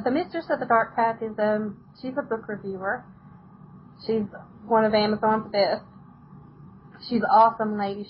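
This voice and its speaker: A woman's voice: mid-range voice, muffled recording, a little hiss or hum. A woman from the United States, telling stories as a podcast guest in a casual, chatty way and laughing often. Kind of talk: casual interview chat.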